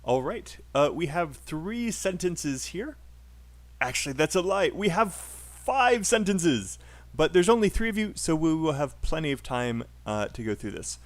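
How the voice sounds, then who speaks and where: A man's voice: fairly high pitch, very animated, a little slow. A man with a British accent teaching a live online English pronunciation class, upbeat and encouraging with frequent fillers.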